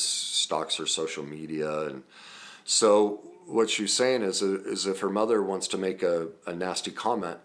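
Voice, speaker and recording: A man, a trauma recovery coach, teaching through personal stories in an earnest, conversational way with frequent ums and self-corrections. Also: deep voice.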